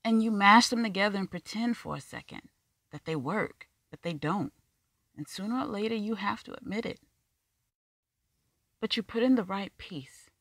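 A story reader voicing an anxious, rambling Black man who talks fast and confesses his doubts in a raised, pleading voice. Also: medium pitch, expressive, fairly bright tone, dry recording, voice pushed up. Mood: earnest. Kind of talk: audiobook dialogue reading.

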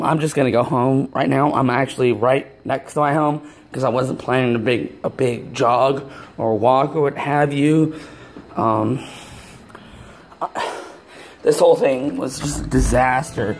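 A man's voice: medium pitch, lightly acted. An actor playing a nervous, out-of-shape man who rambles apologetically while vlogging outdoors, out of breath. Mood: dejected. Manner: apologetic, rambling, with many ums. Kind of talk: film acting as a self-filmed video log. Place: outdoors, walking near an apartment complex.

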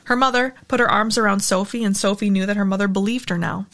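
A woman narrating a novel in a steady storytelling manner, as a regular audiobook reader. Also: medium pitch, quick pace. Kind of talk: reading a novel aloud.

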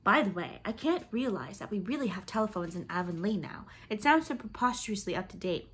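A woman voicing a bright, dreamy young woman with a whimsical, sentimental way of talking. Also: mid-range voice, expressive, fairly quick, slight background noise, natural voice. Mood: wistful.

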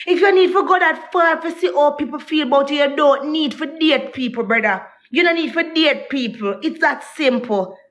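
Talking at a normal speed with few pauses, this young vlogger has a high-pitched, fairly bright voice. Her storytime is an emotional rant to viewers, an indignant account of a partner that she keeps circling back over as she vents.

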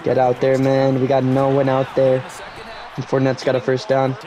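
A young gaming YouTuber narrates his own football video game live, cheering loudly at big plays and grumbling when things go wrong. His mid-range voice stays monotone at a moderate pace.

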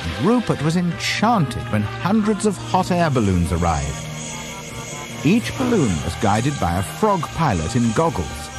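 A male narrator reads a children's tale with lively, expressive ups and downs in his mid-range voice. The delivery is scripted and animated, and music plays steadily behind him. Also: mid-range voice, unhurried. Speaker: storyteller. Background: background music.

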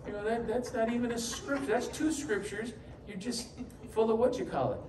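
Very high-pitched and animated, the New York preacher moves fairly quickly with few pauses, his tone somewhat dark. His sermon mixes stories, humorous asides, and acted-out voices, captured by a far-off mic in an echoey church hall with faint ambience and slight background noise.

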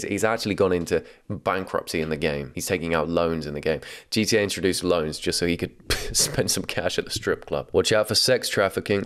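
Low-voiced young man doing comedic commentary. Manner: wry, laughs often, casual swearing. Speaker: commentary host.

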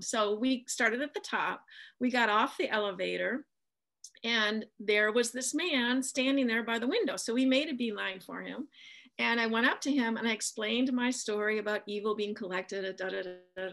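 A woman's voice: on the high side, creaky, a bit bright. A middle-aged woman from the American Midwest, an author chatting in an interview and telling a long anecdote with lots of ums. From Midwestern United States. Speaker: author guest. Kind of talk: casual interview storytelling.

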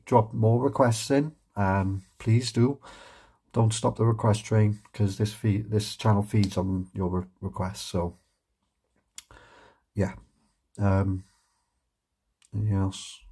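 A man's voice: lowish voice, steady tone, slow pace, gravelly, pauses often, mellow, slight background noise. A man hosting his reaction channel in casual, rambling chat, heartfelt and full of ums and restarts, swearing casually.

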